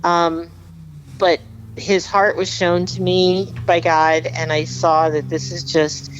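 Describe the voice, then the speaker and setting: A woman's voice: fairly low pitch, level tone, slow, dull audio, slight background noise. Earnest woman telling a heartfelt story. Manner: earnest, emphatic, repeats herself. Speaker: podcast guest. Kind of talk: heartfelt storytelling, casual chat.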